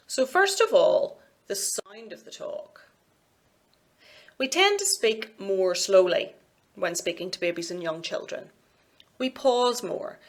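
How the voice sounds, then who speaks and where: A woman with a Scottish accent delivers a recorded university lecture at a middle pitch. She explains each point clearly and steadily, slipping into a sing-song lilt for her examples. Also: fairly bright tone.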